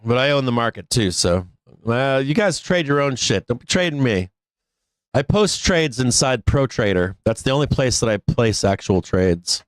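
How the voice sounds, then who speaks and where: On his live-stream stock market program, a middle-aged host talks in a relaxed, frank way, cursing and laughing frequently. He speaks in an animated mid-range voice at a moderate pace, and the audio has no echo.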